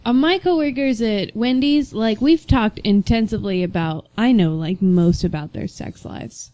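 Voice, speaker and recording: A young woman co-hosting a casual podcast, telling lively anecdotes and acting out the voices of people in them. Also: medium pitch, normal speed, no room sound. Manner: animated storyteller, acts out voices in her anecdotes. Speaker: podcast co-host. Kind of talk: casual chat.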